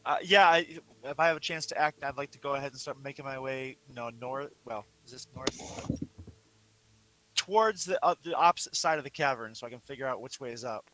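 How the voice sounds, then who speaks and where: A male player speaks in quick, self-correcting bursts during a tabletop game. His voice is bright, over a faint hiss with some clicks. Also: medium pitch, poor audio. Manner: quick, unsure, correcting himself.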